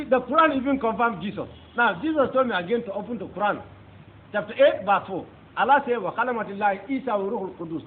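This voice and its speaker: A man with a Nigerian accent giving a fervent testimony sermon, whose first language is Hausa. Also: extremely high pitch. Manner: fervent, emphatic storytelling. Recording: tinny phone-like recording with faint noise.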